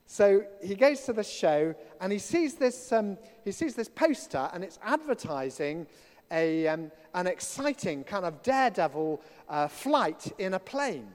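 A man's voice: high voice, big pitch swings, measured pace. A man preaching a sermon in a church, conversational and given to humorous asides. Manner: conversational, self-deprecating asides. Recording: long reverb of a church hall.

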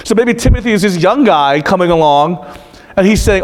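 A man's voice: high-pitched, expressive, fairly quick, long reverb tail. A man preaching as pastor in an earnest, emotional and confessional way, often asking his listeners questions. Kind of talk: sermon.

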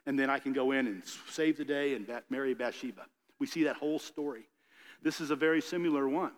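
A man preaching a sermon, reading scripture and then retelling the story in a casual, animated way with little character voices. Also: medium pitch, fast, big-room sound. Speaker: pastor.

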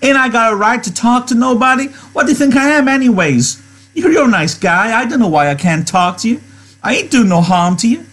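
A man doing a husky, lonely ranch wife. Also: mid-range voice, animated, brisk, pitched above the performer's own voice. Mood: indignant. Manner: drawling rural dialect, pleading then sharp.

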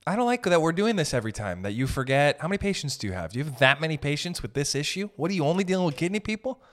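Young man, comedic rant, very lively intonation, slightly high voice, profane asides. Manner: animated, profane, riffing with quick asides and laughs.

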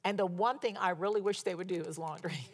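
A woman's voice: lowish voice, fast talker. A middle-aged woman delivers a sermon in a storytelling way. She is emphatic and exhorting, and she drives her points home through repetition. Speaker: preacher.

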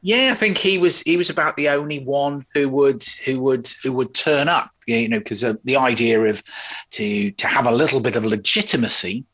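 A podcast co-host chats casually about old television, rambling with lots of fillers and restarts. His voice is medium-pitched and fairly bright at a normal speed, though the recording is muffled.

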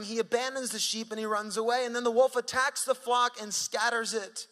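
A male pastor preaching a sermon in an animated, conversational way, swinging from sudden rises to quiet drops. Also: high voice, in a large hall.

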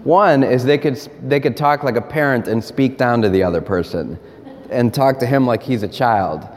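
A man's voice: mid-range voice, normal speed. A man, a priest, giving a playful interactive homily, coaxing volunteers and laughing along. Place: large hall with audience. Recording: long hall reverb.

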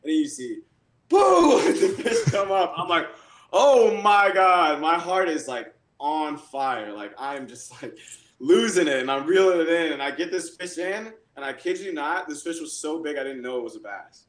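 A man telling fishing stories in a casual, excitable way, with lots of "like" and laughs. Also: a little high, moderate pace. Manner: excitable, animated storyteller. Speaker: guest angler and realtor. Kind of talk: casual storytelling. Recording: roomy echo.

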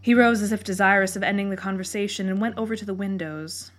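A woman narrating a storybook reading with an expressive, dramatic delivery. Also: medium pitch, quick pace. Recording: reading over clear guitar music.

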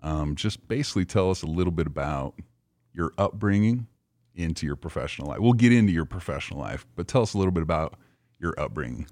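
A middle-aged man with an extremely deep voice hosts a podcast, speaking in a measured, unhurried way with frequent ums. The sound is dry and close, with no room echo. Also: lively intonation, darkish tone. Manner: measured, rambling, full of fillers. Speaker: podcast host. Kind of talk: casual podcast interview.

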